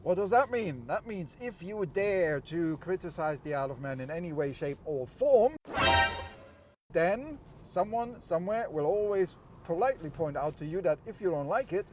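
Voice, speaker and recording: A man's voice: sits high, expressive, normal speed, over music. A middle-aged man with a slight German accent chats in an upbeat, explanatory way as he vlogs from an open-top car. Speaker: vlogger. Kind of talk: casual vlog while driving. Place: open-top convertible outdoors. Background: road and vehicle noise.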